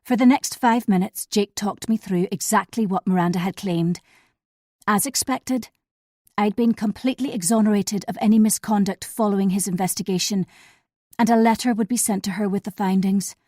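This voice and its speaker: A woman reading a thriller audiobook in the first person, in a measured, steady way. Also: mid-range voice, dry recording, clean studio sound. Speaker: audiobook narrator.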